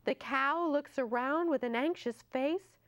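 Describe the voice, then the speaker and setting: A woman librarian hosting storytime, reading a picture book aloud to children in a slow, sing-song way. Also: high voice, no room sound.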